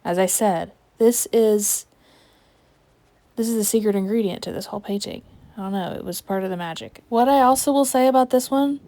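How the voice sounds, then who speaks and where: A woman's voice: medium pitch, fairly quick, mellow, no echo. A young woman vlogging while she paints in her yard, chatting playfully to herself with sudden whispered asides. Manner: rambling, playful, self-talking with sudden whispers. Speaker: art vlogger. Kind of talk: casual chat while painting outdoors. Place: backyard, outdoors.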